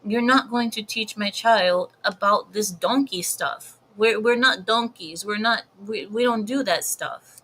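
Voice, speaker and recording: A woman's voice: medium pitch, a little slow, a bit bright, breathy edge, rough recording. A woman giving blunt, emphatic commentary in a casual vlog, often repeating herself for effect. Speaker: video commentator.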